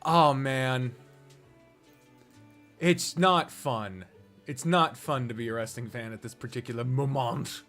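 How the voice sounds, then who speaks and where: A man's voice: medium pitch, slow pace, long pauses, a bit bright, soft background music. A man streaming a strategy game, chatting casually, swearing freely and rambling from topic to topic. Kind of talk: casual live-stream commentary while gaming.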